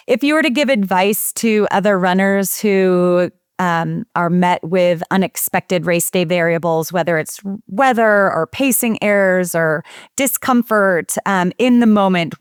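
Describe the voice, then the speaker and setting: A woman's voice: fairly low pitch, a little slow, smooth, no echo, studio quality. A woman interviewing a guest on a podcast, enthusiastic and engaged. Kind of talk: interview questions.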